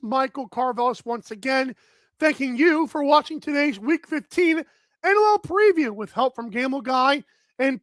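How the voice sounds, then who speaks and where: A man hosting a live sports betting talk show, energetic and outspoken as he runs through his picks. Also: very high-pitched, dry recording. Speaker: host.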